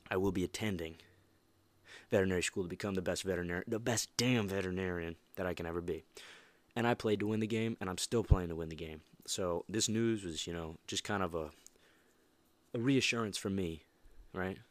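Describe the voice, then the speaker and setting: A man's voice: low voice, fairly quick, dry recording. A young man hosting a motivational podcast, talking casually and emphatically with many restarts and fillers. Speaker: podcast host.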